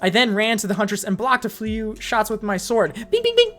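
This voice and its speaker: A woman's voice: medium pitch, steady tone, fairly quick, a bit bright, soft background music. A woman casually reading fan fiction aloud on a live stream, breaking off for profane offhand asides.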